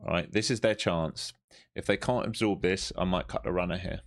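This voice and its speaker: A low-voiced man talks through a live trade as it unfolds, thinking aloud in a loose, profane, chatty way. He sounds overtired, like he's been at it all day. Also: normal speed. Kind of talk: live trading commentary.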